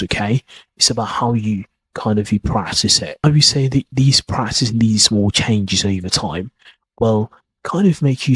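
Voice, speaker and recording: A man's voice: medium pitch, a bit bright, breathy edge, dry recording, rough recording. A man giving a podcast lesson as an accent coach. He talks in an emphatic, encouraging way and often checks in with "okay?".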